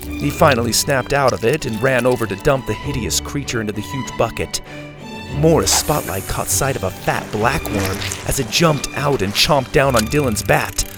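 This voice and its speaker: A man reads a children's adventure story in an expressive read-aloud manner. His mid-range voice has a gravelly texture, and quiet music plays underneath. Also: medium pitch, moderate pace. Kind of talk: storybook narration.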